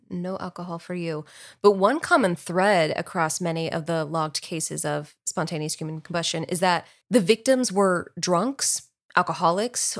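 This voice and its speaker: A woman co-hosting a podcast, chatting casually and recounting researched facts in a relaxed, giggly way. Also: lowish voice. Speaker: podcast co-host. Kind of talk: casual chat with read-out research.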